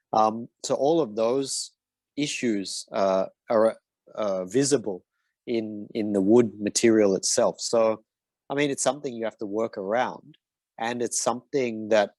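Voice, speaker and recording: A man's voice: lowish voice, a little mellow, dry recording. A man answering design questions as a mentor, in a casual and hesitant way with many fillers and restarts. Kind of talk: casual Q&A in an online session.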